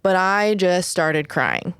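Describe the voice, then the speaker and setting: A woman's voice: fairly low pitch, expressive, slow, fairly bright tone, clean tone, no echo, studio quality. A woman, telling a personal story in casual podcast chat, full of "like" and "whatever" and the odd swear. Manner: candid storytelling, frequent "like" and "whatever".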